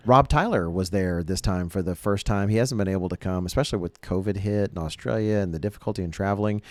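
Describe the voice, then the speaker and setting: A man with a lowish voice talks through a casual podcast chat, earnest and a little rambling, circling back to restart phrases. The sound is close and dry, with no room around it. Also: quick pace, dry recording. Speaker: podcast host.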